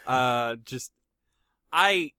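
A young man chats casually on a podcast, his voice bright and recorded close and dry. He swears freely, restarts his sentences, and jokes with a sarcastic edge. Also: medium pitch, expressive, very slow, clean tone, dry recording. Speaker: podcast co-host. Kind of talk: casual chat.

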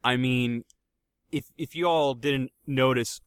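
A man's voice: mid-range voice, steady tone, slow, smooth, no room sound, studio quality. A young man co-hosting a podcast in casual chat, swearing often and stammering through restarts with sarcastic humor. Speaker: podcast co-host.

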